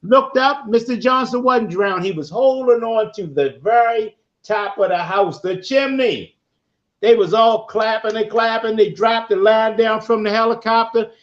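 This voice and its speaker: A man hosting a podcast, telling a story with an animated, preacher-like cadence. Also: high voice, measured pace, lo-fi sound. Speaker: podcast host.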